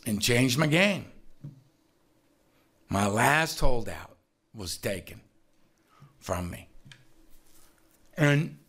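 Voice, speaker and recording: A man speaking in a relaxed, conversational way, telling a personal recovery story and acting out the people in it. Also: medium pitch, very slow, long pauses, breathy edge. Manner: animated storyteller, acts out voices, laughs often.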